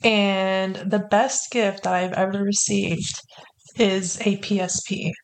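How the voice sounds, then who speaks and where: A woman's voice: mid-range voice, fairly even intonation, a little hiss or hum. A woman in her thirties, a guest on a podcast, answering in a hesitant, reluctant way in casual chat. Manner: hesitant, reluctant, halting with fillers.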